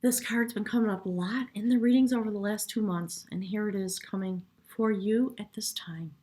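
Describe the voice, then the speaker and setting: Woman, tarot reader, soft reverent delivery, hushed moments, mid-pitched voice. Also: steady tone, moderate pace. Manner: soft, reverent, gets choked up. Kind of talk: spiritual tarot reading.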